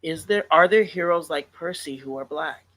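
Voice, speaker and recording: A man's voice: fairly high pitch, moderate pace, fairly bright tone. A man co-hosting a casual podcast about writing, talking earnestly and reflectively with many fillers. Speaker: author and podcast co-host.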